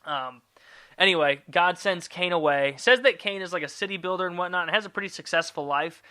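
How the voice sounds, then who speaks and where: A man's voice: sits high, a little fast, pushed and bright. A man telling stories as a podcast host, in a crude, rambling, sarcastic comic manner. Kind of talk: irreverent comic storytelling.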